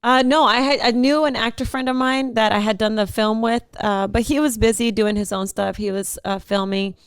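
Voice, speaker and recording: A young woman from Houston, an actress, chatting as a guest in an interview and telling her story in a lively, animated way. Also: on the high side, moderate pace, clear, resonant tone, no room sound. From Houston, Texas. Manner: animated storyteller with frequent laughs. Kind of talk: casual interview chat.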